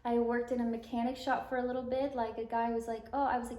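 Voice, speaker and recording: A woman in her twenties, raised in Alabama, tells her life story as an interview guest. She rambles, fills her speech with "like" and acts out the dialogue she quotes. Her voice sits fairly high, and the room around her echoes. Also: level tone, fast talker, warm tone. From Alabama, US South.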